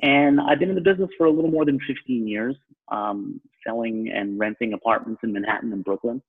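Speaking fairly quickly in a mid-range, slightly rough voice, this New York–accented real estate broker from Long Island guests on a podcast in a casual way. He keeps looping back into loose restarts and describes himself as sarcastic, all over a thin, phone-like line.

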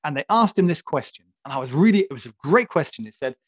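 A man's voice: fairly high pitch, big pitch swings, fast talker, slightly rough, no echo. A man on a casual talk show, ranting with comic indignation and heavy emphasis. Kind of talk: casual opinionated chat.

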